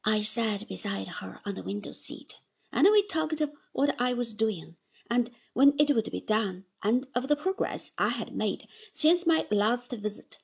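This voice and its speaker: Husky, slow woman reading a novel. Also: fairly high pitch, lively intonation. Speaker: audiobook narrator. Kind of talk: classic novel read aloud.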